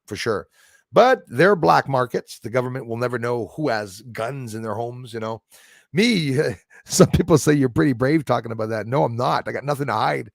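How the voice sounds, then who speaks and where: Male livestream host, gravelly, dry close sound, rambling and chatty while reading comments. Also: mid-range voice, no room sound. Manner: rambling, chatty, jumps between topics. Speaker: channel host. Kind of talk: livestream chat, reading viewer comments aloud.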